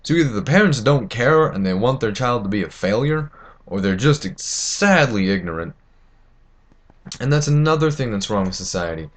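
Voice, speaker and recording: A man's voice: mid-range voice, expressive, moderate pace. A teenage boy ranting to camera, indignant and rambling, with many fillers and restarts. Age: teens. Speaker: vlogger. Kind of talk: opinion rant to camera.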